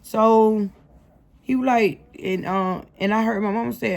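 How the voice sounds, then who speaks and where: A woman's voice: on the high side, steady tone, measured pace, vocal fry, a little mellow. A young adult woman telling her life story in a casual storytime monologue, slangy and speaking straight to her viewers.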